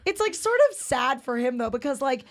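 High-voiced woman in casual chat. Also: expressive, a little fast. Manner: chatty, many fillers and restarts. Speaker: podcast co-host.

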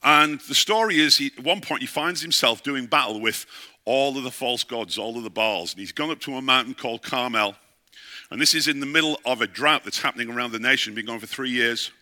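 Bright-voiced man preaching a sermon. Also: medium pitch, fairly quick. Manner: storytelling preacher, asks the crowd questions. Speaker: pastor.

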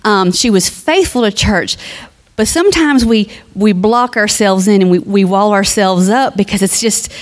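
At a funeral, a woman gives a heartfelt, conversational eulogy that shifts into a sermon, reading scripture aloud and speaking directly to the family. Her voice is medium-pitched at a moderate pace.

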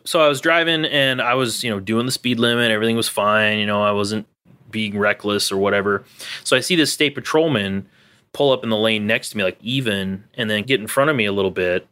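Man, lower voice, relaxed casual storyteller, loose and chatty. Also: a little fast, smooth. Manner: relaxed storytelling with many likes and you-knows. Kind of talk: casual chat.

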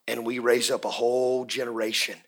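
A man preaching a sermon as pastor, swinging from hushed near-whispers to shouted refrains and urging the congregation to respond. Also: medium pitch, little pitch movement, brisk.

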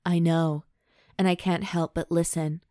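A gentle, teasing man with a soft, understated way of speaking, as a woman reads his lines aloud. The voice sits fairly low and sounds dry and close, with no room around it. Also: level tone, a little slow, no room sound, natural voice. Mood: tender. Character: gentle deep-chested man, tender and teasing. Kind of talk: reading aloud a novel's dialogue.

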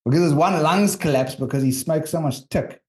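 A man with a South African accent, co-hosting a podcast, telling rambling, animated stories in casual chat. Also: on the high side, brisk. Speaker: podcast co-host and documentary filmmaker.

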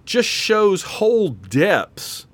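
A man's voice: sits high, extremely slow, no room sound. A man co-hosting a podcast in casual chat, acting out quotes with laughs. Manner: animated, acts out quotes with laughs. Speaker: podcast co-host.

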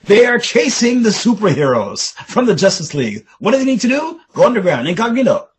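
A man's voice: high voice, brisk, slightly rough. A middle-aged man in casual podcast chat, explaining with a fan's enthusiasm. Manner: enthusiastic fan, explaining with rising excitement.

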